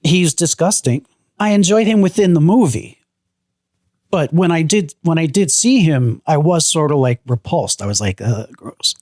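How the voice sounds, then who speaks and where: A man's voice: on the high side, animated, moderate pace, darkish tone, no room sound, studio quality. A man co-hosting a horror podcast, talking in a laid-back, wry way. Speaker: podcast co-host. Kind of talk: casual chat.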